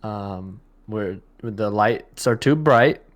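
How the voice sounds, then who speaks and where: A man in his thirties co-hosting a casual online morning show, energetic and joking, often laughing. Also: lowish voice, takes it slowly, dull audio. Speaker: co-host.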